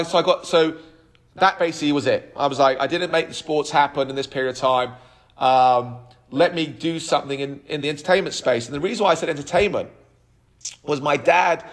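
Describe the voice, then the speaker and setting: A man in his thirties, a podcast guest telling his life story in an animated way, with frequent restarts. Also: a little high. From United Kingdom. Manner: animated, acts out quoted dialogue, frequent restarts. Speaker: podcast guest, app co-founder.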